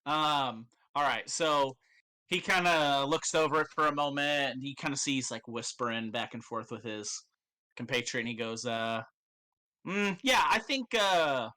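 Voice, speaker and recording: A man's voice: medium pitch, fairly even intonation, normal speed, bright, forceful tone. Laid-back man running a tabletop game. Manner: casual, rambling, profane, laughs often. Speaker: game master.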